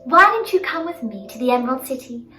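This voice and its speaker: A woman's voice: high voice, big pitch swings, fast, bright, forceful tone, far from the mic, a little hiss or hum, heavily acted. A woman voicing a kind, cheerful young farm girl who eagerly invites new friends along. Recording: roomy sound from off-mic, faint music.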